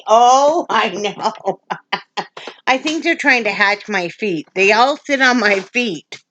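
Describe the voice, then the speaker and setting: An older woman from Wyoming, vlogging in casual, rambling chat to her viewers, emotional and quick to laugh. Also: fairly high pitch, lively intonation, fairly bright tone, muffled recording. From Wyoming, USA.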